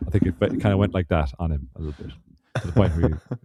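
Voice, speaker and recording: A man's voice: deep voice, quick pace, mellow, husky, no echo. A man co-hosting a podcast in casual chat, making wry, joking asides. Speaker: podcast co-host.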